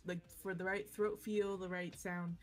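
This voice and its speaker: A woman's voice: on the low side, flat delivery, a little slow. A woman chatting casually on a stream, rambling and filling her talk with "like". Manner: rambling, many "like"s. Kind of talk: casual chat.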